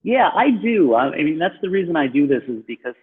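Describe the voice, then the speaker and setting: A man's voice: fairly high pitch, big pitch swings, a little fast, husky. A man with a New York accent, from Long Island, talking casually as a podcast guest with many loose restarts. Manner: talks in loose restarts, self-described sarcastic. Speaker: guest, real estate broker. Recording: tinny phone-like line.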